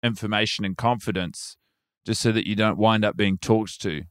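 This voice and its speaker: Wry New Zealand man, smooth voice. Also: fairly low pitch, fairly even intonation, moderate pace, a bit bright, no room sound, clean studio sound. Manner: wry, understated. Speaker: comedian guest. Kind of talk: casual comedy chat.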